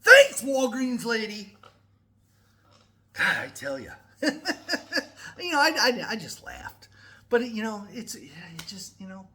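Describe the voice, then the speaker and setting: A man's voice: high voice, huge pitch swings, measured pace, pushed and bright. A middle-aged man ranting to camera on his own channel, profane and rambling. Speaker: metal music YouTuber. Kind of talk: casual to-camera vlog rant.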